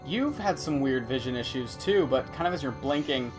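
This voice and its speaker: A man running a tabletop game as game master, describing scenes slowly with pauses. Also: mid-range voice, animated, soft background music.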